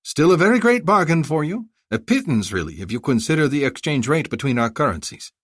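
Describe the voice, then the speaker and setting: A man's voice: on the high side, a little fast, dry recording, studio quality, voice pushed up. A man putting on a fawning, chatty bazaar vendor. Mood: wheedling. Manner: flattering, haggling, effusive.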